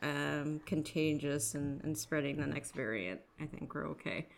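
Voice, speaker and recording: A woman's voice: low-pitched, normal speed, vocal fry. A woman hosting a casual podcast, chatting with lots of fillers and frequent laughter. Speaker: podcast host.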